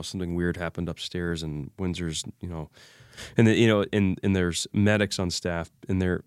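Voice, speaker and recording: A man with a very low voice talks as an interview guest. He tells an emotional personal story in an animated way, acts out remembered dialogue and uses many fillers. His voice sounds close and dry. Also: smooth, no echo.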